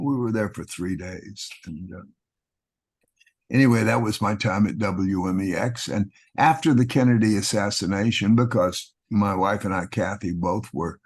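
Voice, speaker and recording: Older man telling husky stories. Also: fairly low pitch. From Texas. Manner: relaxed anecdotal storyteller, acting out quoted voices. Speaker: guest actor. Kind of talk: storytelling in an interview.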